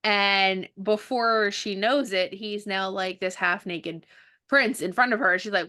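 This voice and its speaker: A woman's voice: medium pitch, unhurried. A woman hosting a podcast in casual chat, telling stories animatedly and acting out bits of dialogue. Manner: animated storyteller who acts out dialogue. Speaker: podcast host and author.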